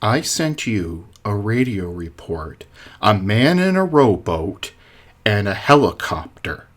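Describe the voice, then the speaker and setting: A man voicing God, who calmly and slowly explains himself to a man. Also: lowish voice, full character voice. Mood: exasperated. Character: calm exasperated male God.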